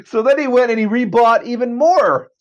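A man's voice: very high-pitched, slight background noise. A man co-hosting a casual podcast, griping with profanity and frequent laughter. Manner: profane, exasperated, laughing often. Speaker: podcast co-host.

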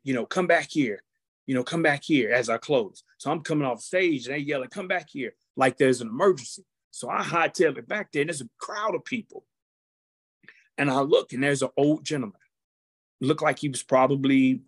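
A man who serves as a football team chaplain, telling a testimony story in an animated, preacherly way and acting out the quotes. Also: mid-range voice, brisk, dry recording.

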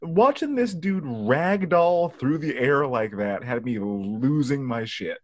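A man's voice: medium pitch, animated, slow. A man co-hosting a podcast, joking and swearing through casual banter about a film. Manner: laughing, profane banter. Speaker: podcast co-host. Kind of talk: casual chat.

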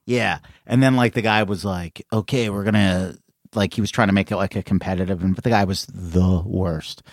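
A man's voice: low-pitched, moderate pace, no echo, studio quality. A man, a comedian, telling stories in casual chat, laughing often and acting out the people he talks about. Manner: animated storytelling, laughing and imitating people.

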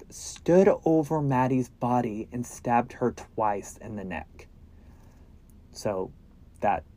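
A man hosting a true crime podcast, telling the case casually with lots of filler words and dropping to a hush at grim moments. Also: mid-range voice.

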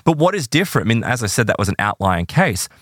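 A man casually telling a case story in conversation, animated and acting out the voices of people he quotes. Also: quick pace, no room sound, studio quality. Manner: animated, acts out quoted voices with big pitch jumps. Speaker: podcast guest telling case stories.

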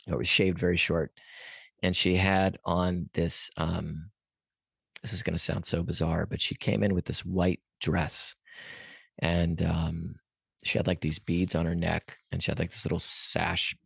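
A man's voice: deep voice, vocal fry, slightly rough, dry recording, clean studio sound. A man guest on a podcast, earnestly telling a personal story in a rambling way, with many restarts and fillers. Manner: earnest, animated at peaks.

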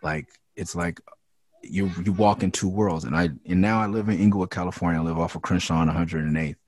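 A man who raps, from the Los Angeles area, talking frankly and with a lot of swearing in a casual interview, and getting louder when he is heated. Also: low voice, steady tone, brisk, no echo, studio quality. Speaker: rapper and interview guest. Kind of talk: candid casual interview talk.

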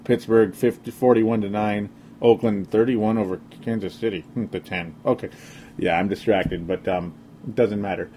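Minnesota guy rambling on his sports podcast, kinda sarcastic, mellow dark voice. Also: lowish voice, fairly even intonation, normal speed, slight background noise. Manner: rambling, sarcastic, frequent fillers. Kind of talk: casual sports podcast monologue.

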